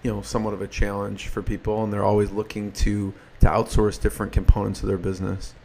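A man hosting an interview, asking brisk questions with quick affirmations. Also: fairly low pitch, monotone, vocal fry, mellow. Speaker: interview host. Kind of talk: conversational interviewing.

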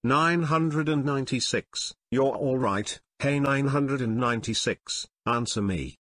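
A man's voice: medium pitch, a little slow, fairly bright tone, no room sound. A man playing a scheming restaurant chef.

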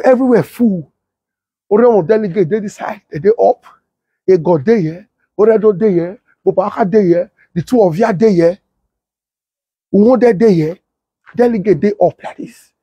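A young man with a Nigerian Pidgin accent telling a comic story, animated and laughing often. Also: high voice, slightly rough, no room sound. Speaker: comedian storyteller.

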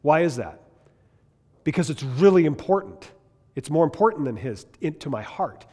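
A man's voice: fairly high pitch, big pitch swings, normal speed, darkish tone, breathy edge. A man teaching a Bible class in an emphatic way, asking many rhetorical questions and often restarting his sentences. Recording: long reverb in a hall.

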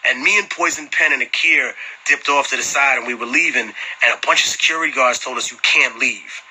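A man talks straight into his phone on a livestream and answers fans in loose, casual chat. His voice is bright and sharp-edged but husky underneath. He tells profane, animated stories and breaks into laughter often. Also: mid-range voice, fairly quick, poor audio. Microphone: phone camera.

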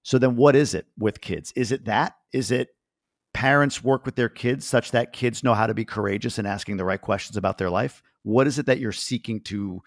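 Man, gravelly voice, dry close sound, interview host. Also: mid-range voice, brisk, dry recording. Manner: thinks aloud with restarts. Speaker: podcast host. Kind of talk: interview questioning.

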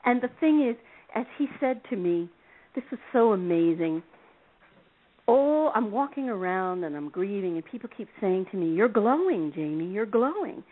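A woman guest on a radio call-in show, telling stories in an animated way and laughing often. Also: medium pitch, normal speed. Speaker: relationship expert guest. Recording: tinny phone-line sound.

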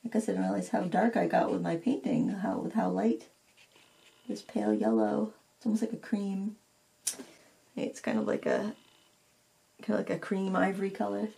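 A woman with a gravelly edge to her voice talks through a painting tutorial as she works. She thinks aloud in a casual, candid way and is frank about her own work. Her pitch sits in a middle range for a woman. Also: steady tone, normal speed, long pauses, warm tone. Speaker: craft video host.

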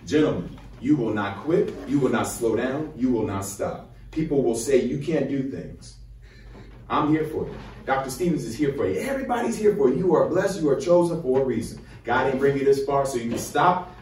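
A man's voice: medium pitch, darkish tone, a little hiss or hum. Fired-up young man in an echoey hall. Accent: Chicago. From Chicago, USA. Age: 20s. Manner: fired-up, preacher-like call and response. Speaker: medical student speaking to high schoolers. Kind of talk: motivational speech. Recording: roomy echo, from far off.

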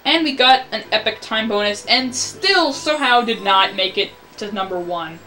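A man's voice: high voice, moderate pace, sharp tone, faint music behind. A man giving casual let's-play commentary, rambling and ranting about the game as he plays. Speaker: gameplay commentator.

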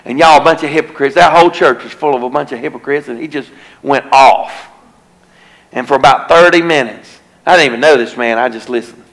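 A male evangelist preaching at an evening revival service in a church. He tells a story in a folksy, plain-spoken way, then turns to earnest, solemn warning. His pitch sits in the middle range for a man. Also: fairly quick, a bit bright, rough recording. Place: church sanctuary.

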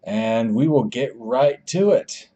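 A man hosting a gaming channel, giving jokey, rambling commentary and letting out excitable yelps as he plays. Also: mid-range voice, slow, muffled recording. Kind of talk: gameplay commentary.

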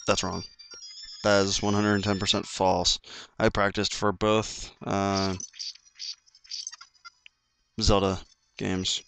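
A man's voice: fairly low pitch, fairly bright tone. A man doing gameplay commentary, ranting in frustration and swearing often. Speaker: let's play commentator. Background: faint game music.

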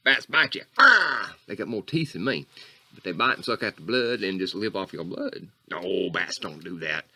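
A man playing Coach Catfish, an eccentric rambling character who drifts off on tangents and jumps between squeaky highs and low mutters. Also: expressive, normal speed, sharp tone, breathy edge, full character voice. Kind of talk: comedic character monologue.

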